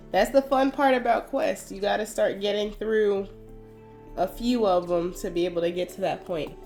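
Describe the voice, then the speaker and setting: A woman's voice: mid-range voice, darkish tone. Chatty young woman narrating her gameplay. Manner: chatty, wry, thinks aloud. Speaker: gaming video host. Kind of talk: casual gameplay commentary.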